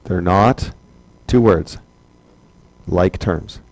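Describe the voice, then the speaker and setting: A man's voice: low voice, drawn-out words, no echo, low-quality recording. A man teaching a math class, chatty and joking, asking rhetorical questions over and over. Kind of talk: classroom lecture.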